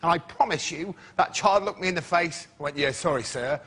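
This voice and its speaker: A man's voice: high voice, a little fast, gravelly. Mock-outraged man telling a story. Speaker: comedian panellist. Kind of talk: stand-up storytelling. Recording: studio audience and room noise.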